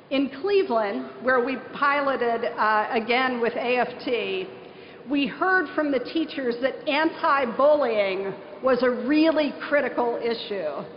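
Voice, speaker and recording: Earnest middle-aged woman from southern ohio giving a keynote, kinda high voice, big echoey hall, dull muffled sound. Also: slight background noise. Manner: earnest, storytelling, emphatic. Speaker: nonprofit leader giving a conference speech. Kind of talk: conference keynote speech. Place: large conference hall.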